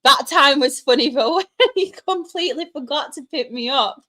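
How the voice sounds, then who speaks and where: Young woman, Mancunian accent, casual stream chat, laughs a lot, slightly high voice. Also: animated, fairly quick, a bit bright. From Manchester, England. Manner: chatty, laughs often, answers chat with banter. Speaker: streamer answering chat questions.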